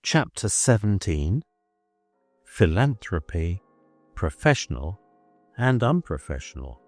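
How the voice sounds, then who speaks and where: Brief: male audiobook narrator, deliberate and unhurried, expressive range, dry booth. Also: sits low, no echo, faint music behind. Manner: measured, deliberate reading. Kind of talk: scripted narration.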